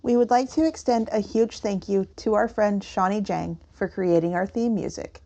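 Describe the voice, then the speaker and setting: A woman's voice: medium pitch, fairly even intonation, normal speed, mellow. A woman co-hosting a podcast in casual chat, laughing often as she talks. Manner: giggly, breaks into laughter often. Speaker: podcast co-host.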